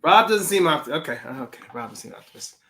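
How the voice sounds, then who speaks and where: A man's voice: on the high side, lively intonation, quick pace, sharp tone. A man co-hosting a film podcast, chatting casually in a laid-back, rambling way and laughing often. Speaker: podcast co-host. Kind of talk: casual chat.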